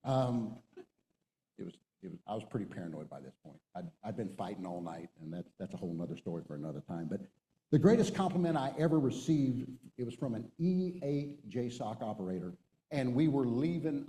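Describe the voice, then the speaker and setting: A middle-aged man with a very dark, mellow voice gives a motivational talk from a stage to a group of men. He tells war stories and exhorts his listeners with emphatic, punchy delivery. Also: medium pitch, expressive, a little fast, long reverb tail, rough recording. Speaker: retired Marine colonel speaker. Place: stage before an audience.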